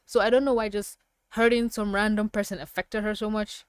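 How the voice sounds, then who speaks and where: A woman giving a casual review of a TV episode, rambling and excitable, with emphatic outbursts. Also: medium pitch, a little fast, clean tone, no room sound.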